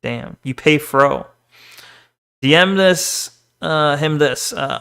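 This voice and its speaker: A man's voice: on the high side, unhurried, vocal fry, a bit bright. A young man streaming, casually chatting with his viewers in a jokey, self-deprecating way, swearing and laughing often. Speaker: VTuber streamer. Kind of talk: casual chat reading stream chat.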